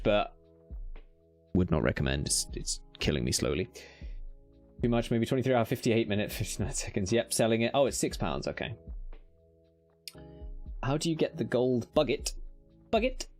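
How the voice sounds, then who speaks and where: A British man streaming a game live. He cheers loudly at times, mutters under his breath at others, swears casually and talks to himself. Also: medium pitch, normal speed, pauses often, soft background music. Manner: excitable, swings between loud cheering and muttered whispers. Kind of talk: live gameplay commentary.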